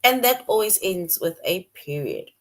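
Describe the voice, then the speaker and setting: A woman's voice: on the low side, big pitch swings, unhurried. A woman teaching a middle-school grammar lesson, repeating key points and explaining with examples.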